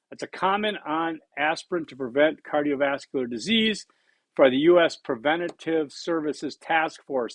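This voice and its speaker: A man's voice: a little high, dry recording. A man in his sixties giving a recorded college lecture, blunt and conversational, repeating points for emphasis. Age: 60s. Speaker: college instructor.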